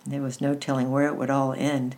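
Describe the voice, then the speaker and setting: A woman reads a children's story aloud in a gentle, unhurried way, now and then stumbling and restarting a phrase. Her voice sits unusually low for a woman. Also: monotone. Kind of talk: reading a children's book aloud.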